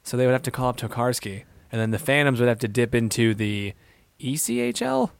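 A man co-hosting a casual sports podcast, teasing the others and firing off quick hockey hot takes. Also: medium pitch, lively intonation, vocal fry, clean tone, no echo. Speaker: podcast co-host.

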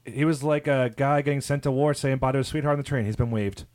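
A man co-hosting a loose hockey podcast, tossing out quick jokes in rapid banter. His pitch sits in the middle range for a man. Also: a little mellow. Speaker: podcast co-host. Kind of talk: casual hockey chat.

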